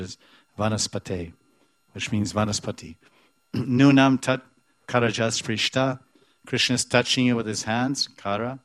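A man's voice: lowish voice, dry recording. Man teaching scripture, dry close sound. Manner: repeats words, chants verses, then explains them. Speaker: spiritual teacher. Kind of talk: devotional scripture class.

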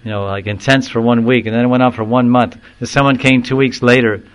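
A man delivering a spiritual talk at a mid-range pitch. He explains scripture, then slips into lively storytelling, mimicking the characters with a chuckle here and there. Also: rough recording. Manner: animated storyteller who acts out quoted voices and chuckles; recites Sanskrit verse slowly, then explains it. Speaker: spiritual teacher. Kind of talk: devotional discourse with storytelling.

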